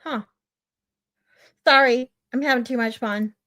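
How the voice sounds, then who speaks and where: A woman's voice: on the high side, measured pace, bright, forceful tone. A middle-aged woman hosting a livestream who chats casually with viewers, rambles off on tangents, reads out their comments and laughs often. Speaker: livestream host.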